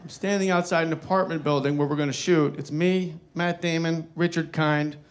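A man doing stand-up comedy, telling animated, profane, self-mocking stories to a live audience. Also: a little high, moderate pace. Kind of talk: stand-up storytelling. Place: stage before a live audience. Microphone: wearing a microphone. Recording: live stand-up with faint crowd.

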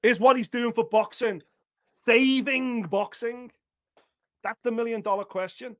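A man hosting a fight podcast, talking casually in an animated storytelling way. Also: extremely high pitch, unhurried. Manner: animated, lively storytelling with mock voices. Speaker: podcast host. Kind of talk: casual chat.

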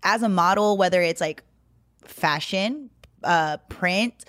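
A woman guest on a podcast, telling stories about her modeling career in a lively casual way, full of fillers. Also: lowish voice, takes it slowly, dry recording, studio quality. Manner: lively storyteller, many likes and fillers. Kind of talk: casual chat.

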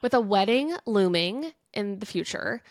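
A woman's voice: medium pitch, animated, unhurried, dry recording. A woman co-hosting a pop culture podcast in casual chat, nasal and congested from a cold, chatty and self-deprecating. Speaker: podcast co-host.

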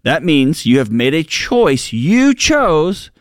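A man's voice: on the high side, big pitch swings, no room sound, clean studio sound. Blunt male talk host. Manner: blunt, emphatic, drawn-out points. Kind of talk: casual advice talk.

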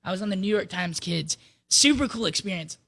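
A man's voice: sits high, expressive, fairly quick, creaky, fairly bright tone. A sixteen-year-old boy, a guest musician chatting casually, full of likes and restarts. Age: teens. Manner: youthful, chatty with many likes. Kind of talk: casual chat.

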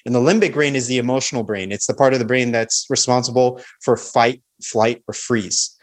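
A confident man appears as a podcast guest and explains sales tactics in a fairly quick, energetic teaching style. His pitch is in an ordinary middle range, and he briefly acts out the calls he describes during the interview.

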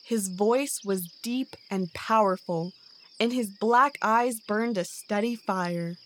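Slow, measured woman storyteller. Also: mid-range voice, a bit bright, slight background noise. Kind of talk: scripted storybook narration.

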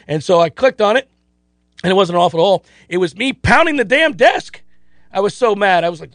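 A middle-aged man hosting a sports radio show, chatting casually and telling stories in an animated, self-deprecating way. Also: high-pitched, brisk, no echo. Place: radio studio.

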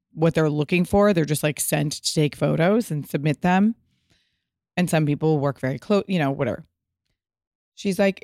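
A woman in her thirties from Pasadena, California, hosts a podcast with a deep voice in a clean, dry studio recording. She tells a story in casual chat, animated, swearing freely and acting out what people said.

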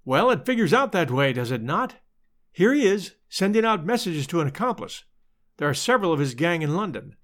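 A man voicing a quiet, businesslike young American detective in a storybook reading. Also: high voice, big pitch swings, a little fast. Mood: earnest. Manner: earnest, businesslike.

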